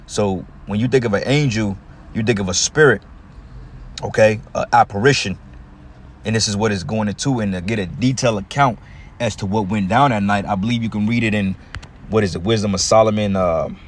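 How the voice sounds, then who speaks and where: A man with a fairly low voice preaches in a relaxed, street-talk style. He slows down to read each verse, then breaks into loose, blunt commentary. A vehicle can be heard in the background. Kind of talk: informal scripture teaching.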